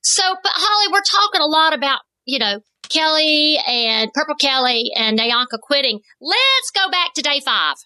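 A woman's voice: high voice, sing-song, normal speed, hardly any pauses, sharp tone, dry recording, low-quality recording. A woman co-hosting a podcast, asking questions in a chatty, enthusiastic way. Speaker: podcast co-host. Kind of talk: casual podcast interview.

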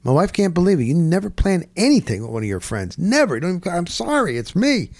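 Animated storyteller man, boom boom. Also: quick pace, dry recording, studio quality. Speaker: sports radio co-host. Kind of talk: casual storytelling.

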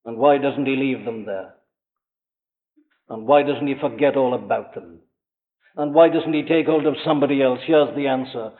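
A man preaching a sermon, asking his listeners question after question and slowing down to stress key phrases. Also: medium pitch, in a large hall. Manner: emphatic, asks the listener rhetorical questions; slows down and rises for stressed phrases. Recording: thin, phone-like old archive recording.

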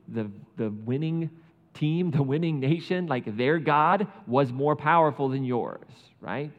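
A man giving a casual, conversational sermon, animated and chatty, laughing often and saying "like" a lot. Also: mid-range voice. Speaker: preacher. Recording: muffled sound with long hall reverb.

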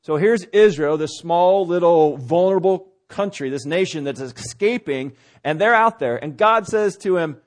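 Male preacher, sermon, storytelling, casual fillers, emphatic builds, a bit high-pitched. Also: moderate pace. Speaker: pastor.

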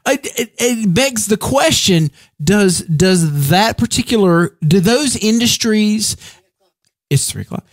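High, lively-voiced man pondering aloud. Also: slow pace, no echo, studio quality. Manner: earnest, pondering questions aloud. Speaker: podcast co-host. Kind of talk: casual chat.

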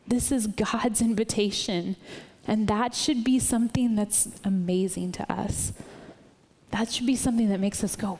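A woman delivering an informal church sermon at a mid pitch. Her tone is earnest and chatty, and she often checks in with her listeners as she goes. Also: fairly even intonation, a little slow, a little mellow, big-room sound. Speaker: church speaker. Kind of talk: conversational sermon.

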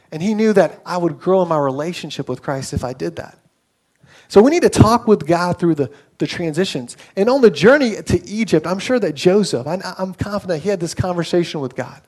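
A man's voice: sits high, darkish tone. A young adult man preaching a sermon in a conversational way, telling stories with acted quotes. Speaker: pastor.

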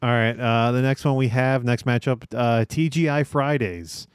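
Guy hosting a chat show, smooth clear voice, kinda hesitant, dry close mic. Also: mid-range voice, moderate pace, no room sound. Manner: hesitant, many ums and uhs. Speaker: podcast host. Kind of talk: casual chat and reading facts aloud.

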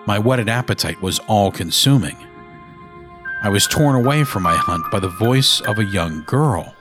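A man narrating a first-person horror story in a measured, brooding manner. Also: on the low side, expressive, music in the background.

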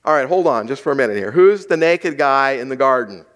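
A pastor delivering a sermon in a conversational way, asking the congregation rhetorical questions. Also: male voice, mid-range voice, expressive, a little fast, fairly bright tone.

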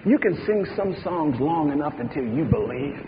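Man, preacher, sermon, high voice, hushed-to-shouting delivery, long hall reverb, muffled recording. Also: animated, normal speed, a little hiss or hum. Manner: dramatic storytelling, swings from hushed to shouting.

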